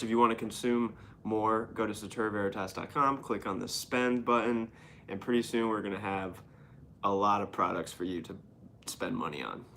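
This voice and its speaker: A man's voice: lowish voice, fairly bright tone, slight background noise. A man reads news headlines aloud and riffs on them as host of a casual show. He is irreverent and sarcastic, swearing freely as he comments. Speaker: podcast host reading the news.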